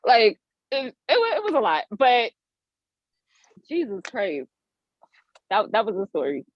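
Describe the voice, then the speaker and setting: A woman's voice: a little high, huge pitch swings, unhurried, pauses often, no echo. A woman guest on a podcast, telling a story casually with slang and acting out the voices of people in it. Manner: acts out quoted voices with big swings in tone. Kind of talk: animated storytelling in casual chat. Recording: dry, dull lo-fi audio.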